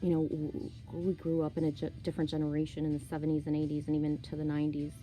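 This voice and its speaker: A woman in her forties talks in a loose, rambling way, swearing freely and speaking candidly. Her voice sits on the low side and sounds mellow. Faint music plays behind her. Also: monotone, racing, low-quality recording. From Canada. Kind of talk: casual monologue.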